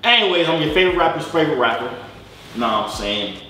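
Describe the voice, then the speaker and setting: A man's voice: a little high, very animated, quick pace, pushed and bright. Boastful young man, very echoey room. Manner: boastful, joking, slangy banter. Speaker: host. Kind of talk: casual reaction chat. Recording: very echoey room with faint hiss.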